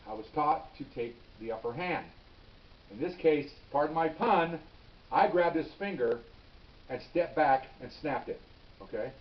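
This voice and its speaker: An older man, a retired police officer, telling a story in a plain-spoken, casual way, repeating words and checking in with "okay?". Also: on the high side. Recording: distant, dull lo-fi recording.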